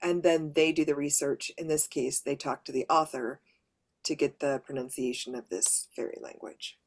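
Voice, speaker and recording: A woman who narrates audiobooks gives a practical workshop presentation, explaining her points with examples she reads aloud, plus a few light laughs. Her voice sits low, with fairly even intonation, at normal speed.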